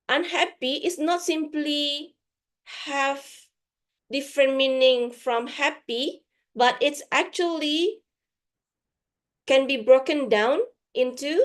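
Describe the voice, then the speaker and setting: A woman with an Indonesian accent gives a guest lecture to teachers, giving classroom examples and slipping into Indonesian now and then. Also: high-pitched. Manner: mixes Indonesian into English, frequent "for example".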